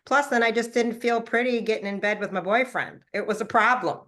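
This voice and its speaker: On a live call, a brand promoter and product formulator in her fifties gives a testimonial about her skin. Her storytelling is animated and rapid, with frequent upward leaps in pitch whenever she plays back her past remarks.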